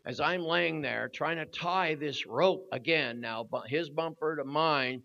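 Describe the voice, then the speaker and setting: Older man, preacher, high voice, bright tone, dull lo-fi recording, animated storytelling. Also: a little slow, vocal fry. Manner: animated storyteller, voice rising to shouts at the climax. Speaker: guest preacher. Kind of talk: storytelling sermon. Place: church hall at a youth service.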